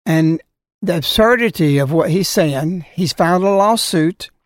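A man's voice: fairly high pitch, a little slow, no room sound, studio quality. A man giving a scolding religious talk, full of rhetorical questions and warnings. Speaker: religious speaker. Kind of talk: preaching talk.

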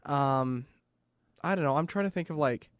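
A man's voice: fairly high pitch, normal speed, no room sound, clean studio sound. A man in his twenties from Canada, co-hosting a podcast in a casual, joking chat. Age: 20s. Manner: joking, animated storytelling. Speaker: podcast co-host.

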